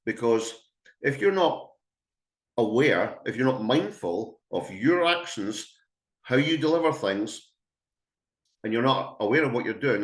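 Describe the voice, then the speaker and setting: His mid-range voice reverberating around the room, the Scottish man gives an emphatic, conversational dog-training webinar to a live audience, demonstrating how he'd call a dog.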